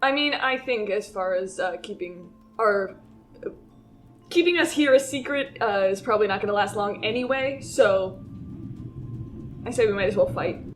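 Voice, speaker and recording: A woman playing a tabletop game, talking casually and in an animated way, quick to laugh. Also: mid-range voice, soft background music. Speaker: player.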